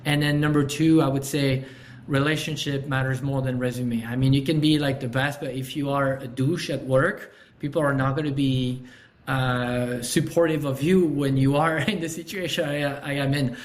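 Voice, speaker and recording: A man's voice: mid-range voice, steady tone, normal speed. A middle-aged man with a French accent, talking earnestly as a podcast guest, with many fillers and restarts. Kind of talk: casual interview talk.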